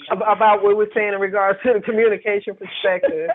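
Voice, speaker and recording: A woman's voice: medium pitch, little pitch movement, quick pace, a little hiss or hum. A woman hosting a radio panel discussion by phone. She rambles, with many fillers and restarts. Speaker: panel host. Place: on a phone call. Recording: tinny phone line.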